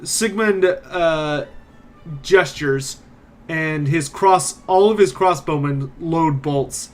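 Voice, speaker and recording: Higher-voiced man narrating as game master. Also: slow pace, faint music behind. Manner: animated, voices every figure.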